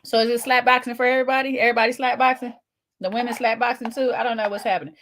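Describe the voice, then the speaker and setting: A woman's voice: on the high side, steady tone, very fast, fairly bright tone, a little hiss or hum. A woman, co-hosting a casual chat show, talking to viewers while eating, with teasing asides. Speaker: podcast co-host.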